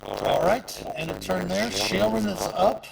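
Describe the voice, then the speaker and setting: A man's voice: high voice, a little slow, vocal fry, a crowd in the background, rough recording. A man running a tabletop game as game master, explaining rules and correcting himself as he goes.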